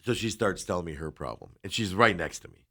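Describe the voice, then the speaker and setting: A man's voice: sits low, a little fast. Man telling a story animatedly. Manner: animated, acts out quoted people while telling a story. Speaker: co-host. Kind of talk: casual storytelling on a talk show.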